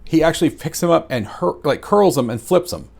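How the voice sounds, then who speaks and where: A man giving a casual, rambling review of a wrestling show, excitable and full of fillers. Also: fairly high pitch, a little fast, gravelly.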